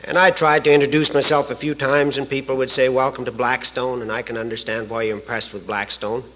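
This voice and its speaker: A man's voice: medium pitch, little pitch movement, fast, fairly bright tone, poor audio. Folksy Canadian man telling stories. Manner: folksy joke-telling, chuckling at own stories. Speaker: AA speaker. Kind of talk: storytelling talk at a recovery retreat. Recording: archival live talk recording.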